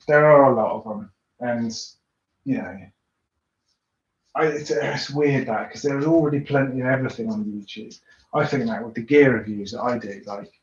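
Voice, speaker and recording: A man chatting casually on a live stream, rambling and poking fun at himself as he answers viewer comments. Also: mid-range voice. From Britain. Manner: rambling, self-deprecating, chatty. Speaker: YouTuber doing a live tinkering stream. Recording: roomy, dull recording.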